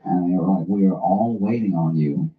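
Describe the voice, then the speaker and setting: A man hosting a casual talk, telling a funny story in a dry, deadpan way. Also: low-pitched, normal speed. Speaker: host. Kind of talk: comic storytelling. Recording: roomy, slightly dull recording.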